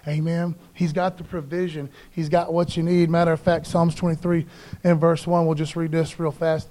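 A man preaching a sermon in church, casual and animated, often calling listeners "man.". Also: a little high, normal speed.

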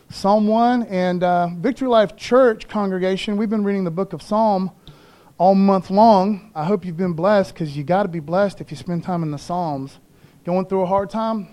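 A man's voice: sits high, dark tone. A man pastor giving a casual, conversational sermon to a church and a TV audience, calling out to the listeners. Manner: conversational preaching with call-outs to the congregation. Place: church broadcast.

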